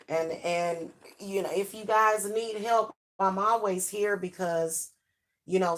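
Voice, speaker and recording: She's a middle-aged woman with a medium-pitched, slightly bright voice, hosting a channel where she advises parents frankly. Her casual talk to camera is chatty, with lots of fillers and restarts.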